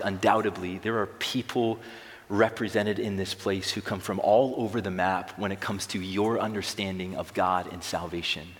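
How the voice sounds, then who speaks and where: A young pastor preaches to a large room, his fairly low voice carrying a slight brightness. He is emphatic, building intensity on key phrases, and the recording has an echoey hall reverb from the long-reverb space.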